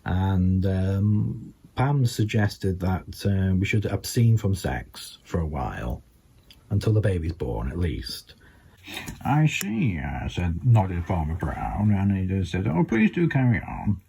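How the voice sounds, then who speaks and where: An older man with a Scouse accent doing deadpan stand-up storytelling, halting with many ums and you-knows. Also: low-pitched, vocal fry, breathy edge. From England. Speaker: stand-up comedian.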